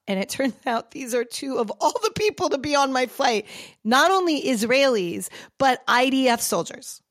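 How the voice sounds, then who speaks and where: A woman's voice: high-pitched, big pitch swings, moderate pace, no echo. Dry-sounding woman telling an emotional story. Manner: emotional, rambling, with many fillers and restarts. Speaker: podcast host. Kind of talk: casual storytelling monologue.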